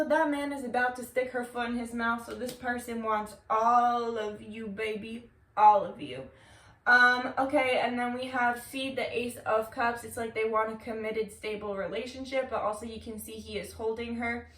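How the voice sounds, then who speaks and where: A woman reads tarot cards in a loose, chatty way, full of filler words and easy swearing. Her voice sits a little high. She is recorded from a distance in a room with a lot of echo. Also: steady tone, moderate pace, few pauses, fairly bright tone. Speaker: tarot reader. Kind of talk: casual tarot reading to camera. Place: room, seated on the floor. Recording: echoey room, mic at a distance.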